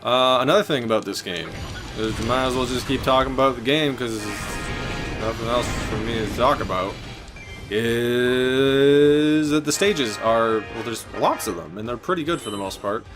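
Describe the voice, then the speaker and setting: A man in his twenties doing casual, rambling gameplay commentary with deadpan jokes, button clicks audible. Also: mid-range voice, normal speed. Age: 20s. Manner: joking, rambling, deadpan absurd asides. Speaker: gaming channel host. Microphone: desk mic with button clicks heard. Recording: game music under the voice. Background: game music.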